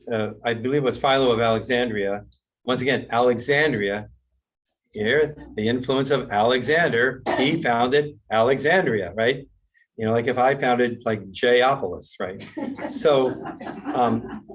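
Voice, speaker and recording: A man's voice: medium pitch, far from the mic. A middle-aged man, a rabbi, teaching a class in a chatty, rambling way, often checking in with "right?". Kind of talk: casual classroom lecture with jokes.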